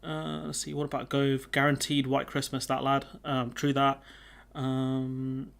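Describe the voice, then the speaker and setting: A man's voice: medium pitch, completely flat delivery, a little slow, gravelly, a bit bright. A man hosting a casual live stream, chatting with viewers and reading their comments aloud. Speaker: livestream host.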